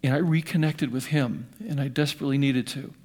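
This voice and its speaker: A man in his sixties preaching a sermon in an earnest voice, rising to loud emphasis and dropping to hushed asides. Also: mid-range voice, steady tone, a little fast. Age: 60s. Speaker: pastor.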